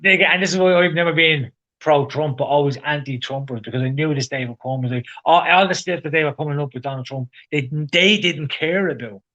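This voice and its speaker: A man's voice: on the high side, fairly quick, few pauses, sharp tone, muffled recording. A man co-hosting a casual podcast, ranting opinionatedly and swearing. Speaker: podcast co-host. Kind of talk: casual chat.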